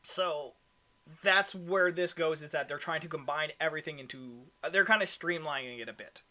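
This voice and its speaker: Bright-voiced man hosting a podcast. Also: fairly high pitch, moderate pace. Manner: reads news from notes, stumbles and restarts, gets breathless. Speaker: podcast host. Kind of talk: casual gaming podcast chat.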